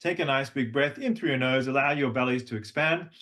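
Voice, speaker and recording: A man's voice: mid-range voice, fairly quick. A middle-aged man with a slight Australian accent, teaching a voice workshop as a coach and breaking into sung and spoken demonstrations. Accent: neutral, slight Australian. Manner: demonstrative, warm teacher who sings examples. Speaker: voice and language coach.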